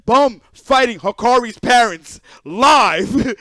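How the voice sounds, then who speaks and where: A young man streaming live, ranting bluntly and profanely in a casual, animated way. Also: extremely high pitch, brisk, dry recording. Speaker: streamer and event organizer. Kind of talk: casual livestream rant.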